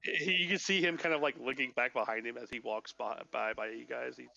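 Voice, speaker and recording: A man's voice: mid-range voice, steady tone, fairly quick, gravelly, bright, forceful tone, no echo, highs cut off. A man narrating as game master of a tabletop game, hesitant with many fillers.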